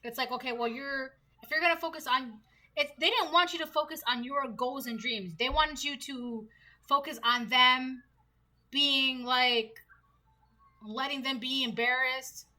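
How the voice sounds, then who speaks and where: A woman's voice: sits high, measured pace, sharp tone. A woman giving a casual tarot reading, chatty and slangy, often laughing between points. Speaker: tarot reader.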